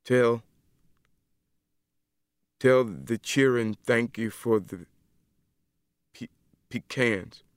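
A man voicing a withdrawn young male prisoner who speaks in few words, quietly and haltingly, in an audiobook reading. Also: on the low side, level tone, clean tone, no echo, clean studio sound, close to an everyday voice. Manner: few words, stammering, subdued. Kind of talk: audiobook character voice.

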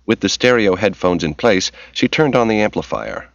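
A man narrating an audiobook in a steady, measured reading voice. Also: lowish voice, gravelly, dry recording. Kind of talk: scripted narration. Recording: dull lo-fi recording.

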